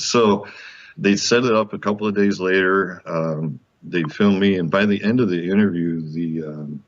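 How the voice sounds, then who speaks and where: A man with a very low voice tells a personal story as an interview guest. He is animated, acts out what people said, and laughs often. The sound is muffled and lo-fi. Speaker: guest author.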